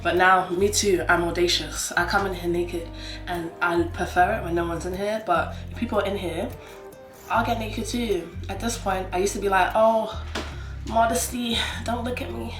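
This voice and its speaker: A woman's voice: lowish voice, steady tone, moderate pace, fairly bright tone. A young woman chatting playfully to a handheld camera as she vlogs her day, often laughing at herself. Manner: playful, giggly, self-amused. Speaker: lifestyle vlogger. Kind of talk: casual vlog chat to camera. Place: city garden and indoors. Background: music playing.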